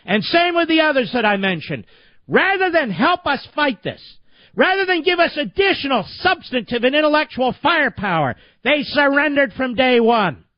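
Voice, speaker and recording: Fiery high-voiced male radio host. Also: no echo, dull audio. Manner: fiery, indignant, emphatic with repetition. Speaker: radio talk show host. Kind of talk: impassioned political monologue.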